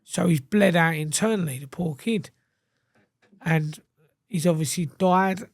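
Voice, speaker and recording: A man's voice: on the high side, unhurried, dry recording. Male interview guest, blunt and sweary, acts out quoted lines, dry close sound. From England. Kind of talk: casual storytelling.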